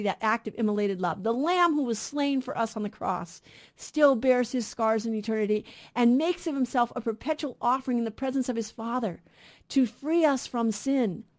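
A woman's voice: a little high, a little mellow. A middle-aged woman co-hosting a radio Bible program, teaching earnestly and asking rhetorical questions.

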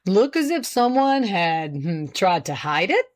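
A woman voicing a formal male prosecutor who questions a witness deliberately and pointedly. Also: mid-range voice, very animated. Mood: probing.

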